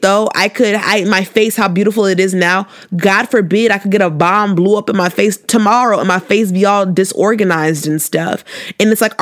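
Young woman giving sassy faith-based advice. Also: mid-range voice. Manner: preachy and affectionate, repeating phrases for emphasis; sassy and emphatic, asking rhetorical questions. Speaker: advice vlogger answering viewer questions.

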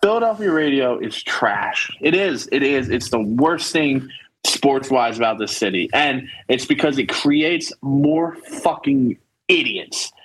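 A man's voice: mid-range voice, expressive, a little slow, slightly rough, low-quality recording. A man co-hosting a casual sports podcast, ranting in an exasperated way and swearing heavily. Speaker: podcast co-host. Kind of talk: profane casual sports chat.

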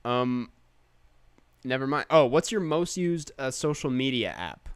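Lively, smooth-voiced male podcast host. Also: mid-range voice, a little slow, no room sound. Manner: chatty, laughs often, self-deprecating. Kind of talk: casual podcast chat.

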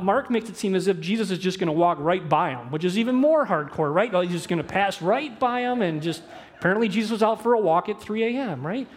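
A man preaching a sermon as pastor, animated, moving between loud emphasis and hushed, slow phrases. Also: high voice. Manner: quick asides mixed with slow, drawn-out phrases.

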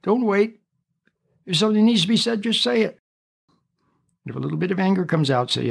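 Man doing a chill radio talk, kinda gravelly, repeats himself a lot to make the point. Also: sits high, a little fast, pauses often. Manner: calm, repetitive teaching talk.

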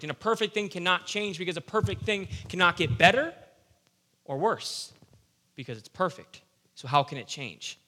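A young man preaching a casual, animated sermon with playful asides. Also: on the high side. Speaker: youth pastor.

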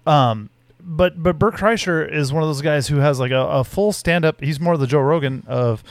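A man's voice: on the high side, moderate pace, no room sound. A man co-hosting a podcast, telling a rambling, profane story in casual chat. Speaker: podcast co-host.

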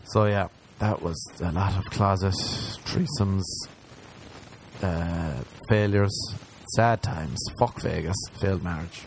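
Male stand-up, lowish voice, crude confessional storyteller who acts out every line. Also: a little mellow, a little hiss or hum. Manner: crude, self-mocking, acts out scenes in quick voices. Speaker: stand-up comedian.

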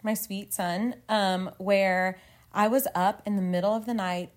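A woman's voice: medium pitch, steady tone, unhurried. A woman in her thirties co-hosting a faith podcast, talking earnestly and at length with lots of filler words. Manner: earnest, rambling, many "like" fillers, emotional. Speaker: podcast co-host. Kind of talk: casual faith podcast chat.

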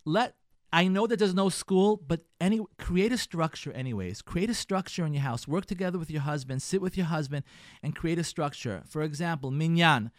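Higher-voiced rabbi giving advice. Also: male voice, brisk, no echo, studio quality. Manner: coaching, acts out sample dialogues in a softer voice; repeats phrases, stammers on word starts. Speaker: rabbi and radio show host. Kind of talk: advice talk to listeners.

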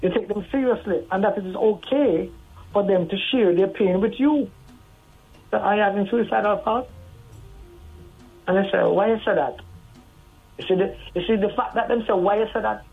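Radio phone-in guest, husky mid-pitched voice, earnest and advising. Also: normal speed, long pauses. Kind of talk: radio call-in talk. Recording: tinny phone line over faint music.

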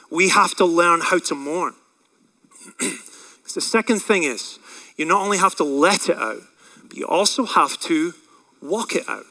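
Male pastor, sermon delivery, high ringing voice, emotional swings from shouting to hush. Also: animated, a little slow, pauses often, poor audio. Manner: rises to loud impassioned cries on quoted prayers, drops low and quiet when reflecting; frequent fillers and restarts.

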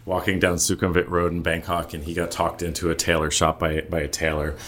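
A man in his forties co-hosting a podcast, telling travel stories in a relaxed, casual way with many fillers and restarts. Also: low voice, brisk. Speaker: podcast co-host.

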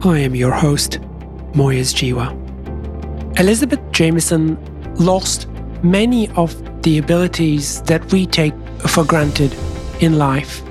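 A man's voice: on the high side, takes it slowly. A man hosting a podcast, introducing his guest and asking questions in a polite, welcoming manner. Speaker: podcast host. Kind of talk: scripted intro and interview questions. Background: faint music.

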